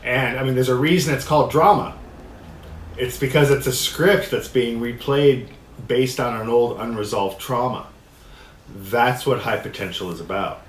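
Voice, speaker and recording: A man teaching a discussion workshop, reading passages aloud and explaining them in a relaxed way, often laughing. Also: medium pitch, normal speed. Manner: relaxed, laughs often, acts out quoted voices. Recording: echoey room with faint noise.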